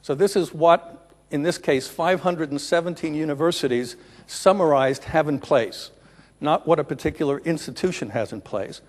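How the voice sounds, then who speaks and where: A middle-aged man giving a conference presentation, unhurried, often pausing to rephrase. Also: on the high side. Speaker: conference keynote speaker. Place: large conference room. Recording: reverberant conference hall.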